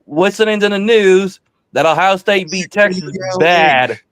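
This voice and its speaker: A man calling in to a live sports talk show, boastful and loud in his trash talk. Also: high-pitched, unhurried, clean tone, no echo. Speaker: caller.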